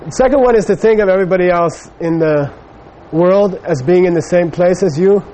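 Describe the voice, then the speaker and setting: Middle-aged male dharma teacher, slightly high voice, loose anecdotal telling, faint hiss behind. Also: a little fast, dark tone, poor audio. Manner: rambling, many fillers, storytelling. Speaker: Buddhist teacher. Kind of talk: dharma talk with personal anecdote.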